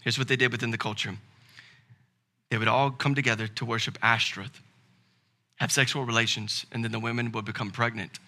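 Man, pastor, Southern American accent, sermon, very bright tone, swings from loud emphatic preaching to quiet. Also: medium pitch.

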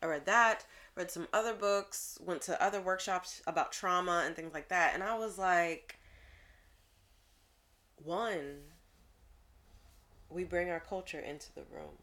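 A woman's voice: lowish voice, measured pace, long pauses. A woman in her thirties, a therapist, chatting casually and telling stories with lots of laughter and slang. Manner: animated storyteller, laughs often, casual slang. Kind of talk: casual podcast conversation.

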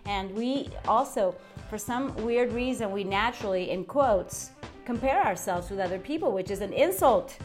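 A woman hosting a motivational podcast monologue, talking in a chatty way, often checking in with the listener and shifting her tone and inflection as she gets excited. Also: mid-range voice, moderate pace, soft background music. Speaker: podcast host.

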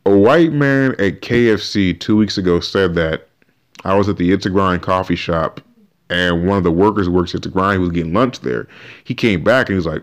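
A man hosting a podcast, giving animated, emphatic opinion commentary and often restarting his sentences. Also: low voice, moderate pace. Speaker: podcast host.

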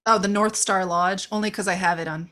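A woman with a bright, forceful voice co-hosts a movie podcast. She talks in an animated, chatty way, swears freely and jumps into little quoted voices to make her points. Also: medium pitch, quick pace. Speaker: podcast co-host. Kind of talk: casual chat reviewing a movie.

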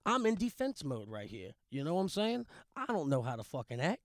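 A man's voice: a little high, huge pitch swings, fairly quick, no room sound, studio quality. A man from Louisiana, telling a profane, blunt story in casual chat as a podcast guest.

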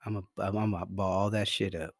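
A man's voice: deep voice, little pitch movement, normal speed, no echo, clean studio sound. A man co-hosting a podcast in casual chat, profane and rambling, often restarting his sentences. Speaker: podcast co-host.

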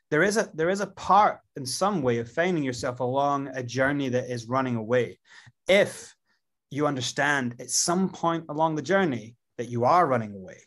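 A man's voice: medium pitch, a bit bright. A man as an interview guest, reflecting and explaining at length. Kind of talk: casual interview chat.

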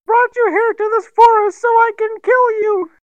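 A woman playing a runaway carp son who calmly confesses something dark. Her voice is very high, dry, and close-miked. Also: moderate pace, dry recording, lo-fi sound. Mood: sinister. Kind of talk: improvised comedy character voice.

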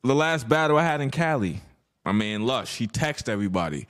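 Animated man telling street stories. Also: brisk. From US East Coast. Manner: animated storyteller, acts out quotes with big pitch jumps. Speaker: podcast co-host. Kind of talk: casual chat.

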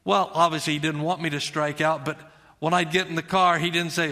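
A man's voice: a little high, fairly even intonation, brisk, bright, forceful tone. Male pastor, earnest conversational sermon, middle-aged, echoing church hall, long reverb. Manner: earnest, conversational preaching with repeated phrases.

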